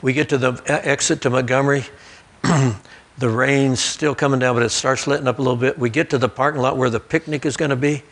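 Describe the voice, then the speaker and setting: A man's voice: mid-range voice, fairly even intonation, fairly quick, a bit bright. A male pastor, preaching a sermon through folksy personal stories and asides. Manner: storytelling preacher, folksy asides, occasional restarts. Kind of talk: sermon storytelling. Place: church sanctuary.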